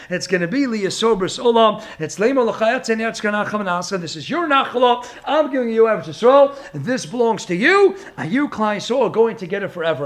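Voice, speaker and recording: A man giving a Torah lecture as a rabbi, with an expressive, sing-song delivery full of rhetorical questions. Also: high voice.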